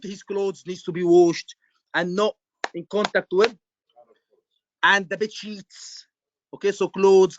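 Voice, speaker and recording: High-voiced man quizzing students. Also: no room sound, lo-fi sound. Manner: repetitive, quizzing students, emphatic. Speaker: medical exam tutor. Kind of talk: live online lecture.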